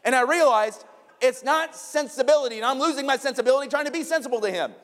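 A man, preaching a sermon and telling a family story in an animated way, asking the congregation questions. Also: extremely high pitch, quick pace, long reverb tail. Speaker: pastor. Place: church sanctuary.

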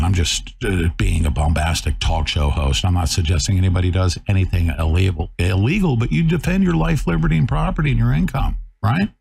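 Gravelly, ranting talk show host man. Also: low voice. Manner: fiery, combative, swings between shouting and muttering. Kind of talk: bombastic talk radio rant.

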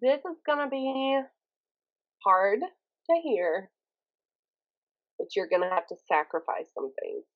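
A woman from Mississippi with a Southern accent, a YouTuber chatting as a guest on a podcast, animated and self-mocking, acting out the voices she quotes. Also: medium pitch, takes it slowly, long pauses, muffled recording. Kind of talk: casual podcast chat.

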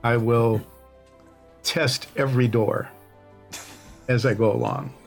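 A man playing a tabletop game, calmly describing what his character does. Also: medium pitch, vocal fry, soft background music. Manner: deliberate, describing his moves. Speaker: player. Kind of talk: casual tabletop play.

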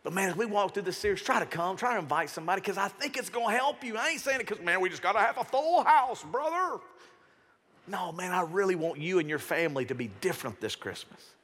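A pastor preaching a sermon in a church auditorium, talking casually and animatedly and slipping into other voices. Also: male voice, high voice, expressive, fast talker, hardly any pauses, fairly bright tone, slightly rough, long reverb tail.

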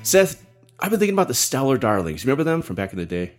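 A man's voice: mid-range voice, big pitch swings, close to an everyday voice. A man voicing a crude, chatty male radio show host who swears freely. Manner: fast, swearing, hyped chat. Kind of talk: mock radio show banter. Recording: guitar music underneath.

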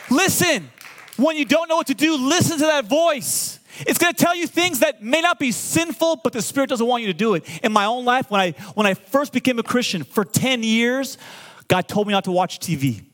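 A man in his forties preaching a sermon, animated and full of call-and-response, often stammering and repeating words when excited. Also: extremely high pitch, normal speed. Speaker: pastor.

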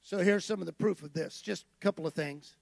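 A man preaching with a high, gravelly voice, talking to his congregation and then pressing his points hard. The sound is dry and close, with no room echo. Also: brisk, darkish tone. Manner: conversational preaching, rising to emphatic declarations. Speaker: pastor. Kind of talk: sermon.

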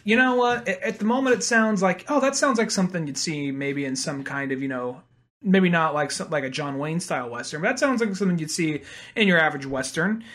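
A man's voice: a little high, a little fast, fairly bright tone. A man co-hosting a casual movie talk, rambling and acting out quotes with casual swearing.

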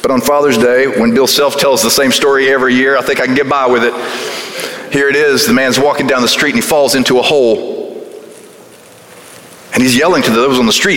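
A man pastor delivers a folksy, emphatic sermon and keeps asking the congregation questions. His voice is bright and forceful. It rings out in a church sanctuary with a long, roomy reverb. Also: medium pitch, steady tone, fairly quick.

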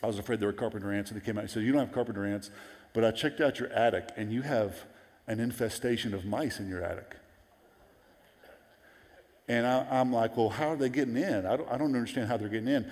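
A man in his forties preaching a sermon, telling stories in a lively way and acting out the voices of the people he quotes. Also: medium pitch, fast. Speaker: pastor. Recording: long hall reverb.

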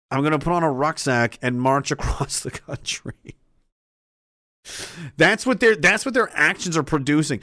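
A man's voice: a little high, normal speed, pushed and bright, dry recording, studio quality. A man talking politics in a rambling, profane way, laughing often. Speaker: commentator. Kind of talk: political commentary vlog.

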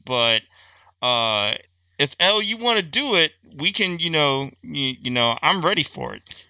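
A man's voice: on the high side, very animated, measured pace, pushed and bright, clear, resonant tone, no echo. A man co-hosting a podcast, chatting casually with a jokey, playful manner. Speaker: podcast co-host. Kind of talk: casual chat.

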